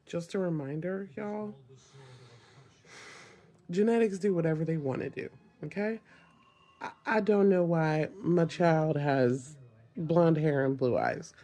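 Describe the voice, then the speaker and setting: A woman's voice: low voice, lively intonation, takes it slowly, long pauses, mellow. A young mother with a Southern accent talking casually to the camera, frank and exasperated.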